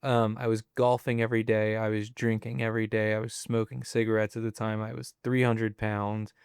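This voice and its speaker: A man in his twenties, a podcast guest telling his story in a relaxed, chatty way with plenty of fillers. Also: on the low side, fairly quick, smooth, no echo, studio quality. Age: 20s. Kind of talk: casual interview storytelling.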